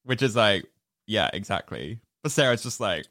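A woman's voice: rumbling low, expressive, normal speed, fairly bright tone, dry recording, studio quality. A woman co-hosting a casual podcast chat about a film, playful and wry, laughing often. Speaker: podcast co-host.

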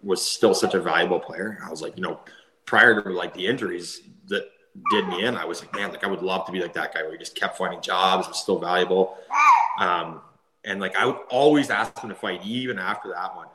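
A man's voice: low-pitched, fairly quick, sharp tone, reverberant. A man in his thirties, a former player and podcast guest, telling stories in a chatty way, laughing often. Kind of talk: casual storytelling.

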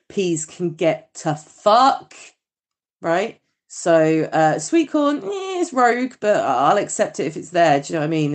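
British woman rambling in a voice note, swears a lot, lowish voice. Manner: chatty, sweary, rambling and self-mocking. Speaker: caller leaving a voice message. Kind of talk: casual voice note.

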